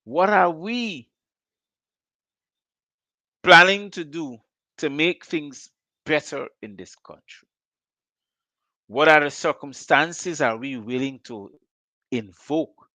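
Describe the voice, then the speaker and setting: A man's voice: medium pitch, slow pace, long pauses, pushed and bright, no echo. A Guyanese man hosting a call-in show, firing off rhetorical questions in a fiery political monologue.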